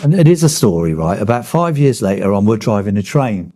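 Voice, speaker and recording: Former miner, 50s, blunt storyteller, low husky voice. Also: male voice, big pitch swings, a little fast, dark tone. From Kent, England. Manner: blunt storytelling, swears freely. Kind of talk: oral history interview.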